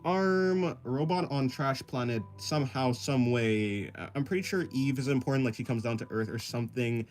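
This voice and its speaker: A man's voice: mid-range voice, moderate pace, soft background music. A man livestreaming while he sketches, reading chat aloud and rambling in a self-deprecating way that often breaks into laughs. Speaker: art livestreamer.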